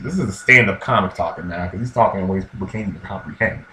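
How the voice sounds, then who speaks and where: A man giving casual religious commentary in a slangy, animated way, acting out quotes in different voices. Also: medium pitch, fast talker, hardly any pauses, a little hiss or hum. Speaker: vlogger. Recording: echoey room with faint ambience.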